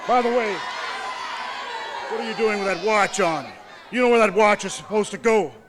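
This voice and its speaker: A man acting as a wrestling manager, giving a pompous, commanding promo that rises to shouted threats. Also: sits high, moderate pace, a crowd in the background, background noise. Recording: 1980s television broadcast.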